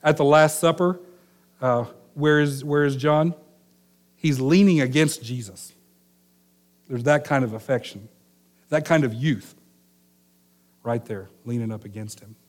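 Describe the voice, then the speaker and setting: A man's voice: medium pitch, unhurried, long pauses. Man preaching a conversational sermon. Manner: conversational storytelling, acts out quoted lines. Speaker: pastor.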